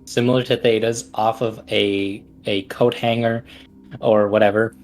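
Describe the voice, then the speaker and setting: A man playing a tabletop game, explaining in a loose, unhurried way. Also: lowish voice, level tone, darkish tone, poor audio. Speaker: player.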